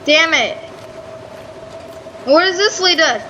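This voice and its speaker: A woman casually commenting on her own gameplay, excitable and swearing freely as she talks back at the game. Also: extremely high pitch, slow, muffled recording, a little hiss or hum. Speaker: gaming channel host. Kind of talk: casual let's-play commentary.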